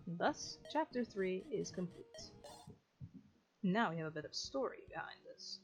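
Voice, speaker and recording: A woman's voice: on the low side, animated, normal speed. A woman hosting a let's play, giving casual, chatty gameplay commentary and explaining each step to viewers. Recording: lo-fi with faint game music.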